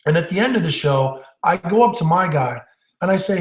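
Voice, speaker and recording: A man's voice: high-pitched, expressive, fairly quick. A man teaching stage hypnosis in a webinar, telling a story in a conversational way with fillers and restarts. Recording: roomy echo.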